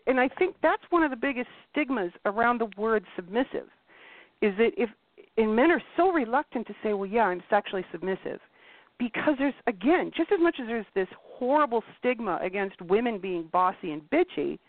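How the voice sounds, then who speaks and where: A woman hosting a casual talk show, blunt and animated, swearing freely and acting out quotes. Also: fairly high pitch, brisk, no room sound. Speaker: podcast host. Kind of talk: casual chat. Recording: tinny phone-like line, dry.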